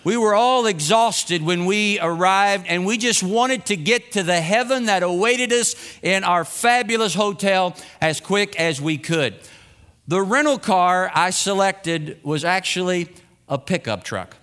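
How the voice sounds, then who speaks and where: A man's voice: high voice, unhurried, a bit bright, clear, resonant tone. A middle-aged man telling a self-mocking, humorous personal story to an audience. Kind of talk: personal anecdote told to an audience. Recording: long reverb.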